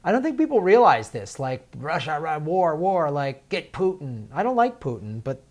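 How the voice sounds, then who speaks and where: A man's voice: on the high side, very animated, moderate pace, darkish tone. A man hosting political commentary, talking in a heated, sarcastic way with lots of filler words and restarts.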